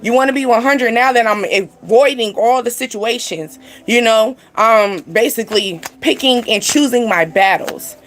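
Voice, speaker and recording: A woman's voice: fairly high pitch, moderate pace, few pauses, faint music behind. A young woman giving a casual spiritual card reading to camera, rambling and chatty, full of "like" and "you know". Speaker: tarot card reader.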